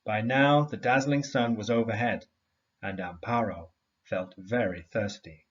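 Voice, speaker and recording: A man reading a story aloud to a class in an expressive storytelling manner. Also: on the low side, measured pace, muffled recording. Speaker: teacher.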